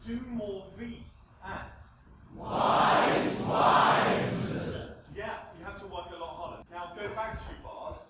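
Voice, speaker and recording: A man's voice: high voice, moderate pace. A man coaching singers on diction in a rehearsal, drilling words and counting them in. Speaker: choral conductor. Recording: echoey hall from far off, with noise.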